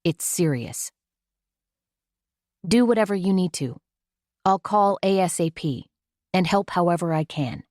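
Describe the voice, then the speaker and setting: A woman's voice: on the low side, lively intonation, a little slow, pauses often, darkish tone, no room sound, clean studio sound. A woman narrating an audiobook in a scripted reading style, giving the characters' dialogue in her own voice.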